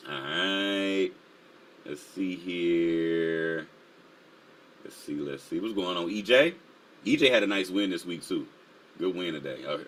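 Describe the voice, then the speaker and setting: A man's voice: fairly low pitch, bright, forceful tone. A man hosting a casual live stream, full of energy, laughing often and reading the chat aloud. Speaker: livestream host.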